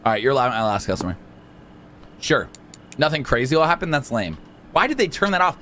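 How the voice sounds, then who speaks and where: Excitable man doing game commentary. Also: mid-range voice, a little fast, pauses often, noisy background. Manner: excitable, joking, swings from mumbling to shouting. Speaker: gaming channel host. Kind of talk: let's play commentary.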